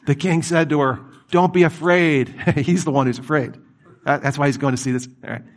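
A man preaching a sermon, reading scripture aloud and commenting on it in a lively, conversational way. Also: mid-range voice, fairly quick.

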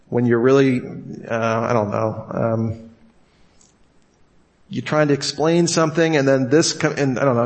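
A man teaching a class on how to preach, talking casually, joking and acting out quotes. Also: medium pitch. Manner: casual, jokey, acts out quotes with laughs. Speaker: Bible teacher. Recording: long hall reverb.

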